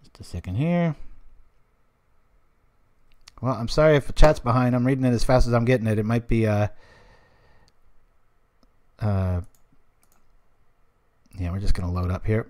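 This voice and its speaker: A man's voice: mid-range voice, normal speed, pauses often, a little mellow. A man in his thirties streaming a card game live, chatting with viewers and wandering off into rambling asides while he plays. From United States.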